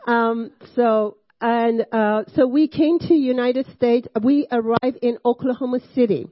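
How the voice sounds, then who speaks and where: A woman's voice: on the high side, steady tone, measured pace, no echo. A woman in her sixties with a Persian accent gives her testimony to a church congregation. She talks in a loose, conversational way, often restarting her sentences and adding short laughing asides. The sound is dry and a little dull. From Iran. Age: 60s. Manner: conversational with frequent fillers and self-interruptions, laughing asides. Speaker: guest speaker at a church service. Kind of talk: personal testimony sermon.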